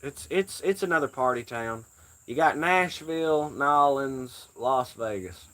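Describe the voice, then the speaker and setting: A man's voice: medium pitch, expressive, a little slow, fairly bright tone. An American man rambling casually on a livestream, jokey and profane. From United States. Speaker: livestream host.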